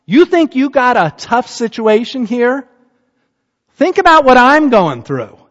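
A man's voice: very high-pitched, sing-song, a little slow, pitched above the performer's own voice, full character voice. A man voicing a stern, commanding God. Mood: indignant. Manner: emphatic, raised and loud. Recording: dull, echoey hall.

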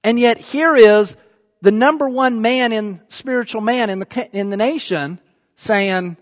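A man preaching a sermon, retelling scripture as a lively story and acting out what the figures say in everyday speech. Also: sits high, a little slow, in a large hall, lo-fi sound.

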